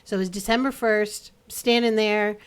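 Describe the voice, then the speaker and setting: A woman's voice: medium pitch, fairly even intonation, moderate pace, clear, resonant tone. A woman with a mid-range voice co-hosts a casual podcast. She is chatty and supportive, and often agrees with her partner while telling short stories. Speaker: podcast co-host. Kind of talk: casual chat.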